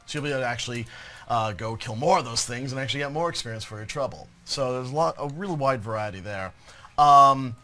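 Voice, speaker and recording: Fast, hoarse man demoing a game. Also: mid-range voice, bright, forceful tone. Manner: jokey, enthusiastic. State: hoarse, throaty. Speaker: game presenter. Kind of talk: live game stream demo.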